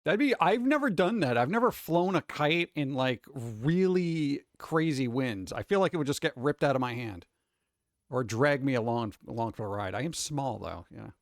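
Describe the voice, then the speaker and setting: A man's voice: medium pitch, animated, moderate pace, no room sound, clean studio sound. A man streaming live, rambling casually and greeting chat viewers one by one.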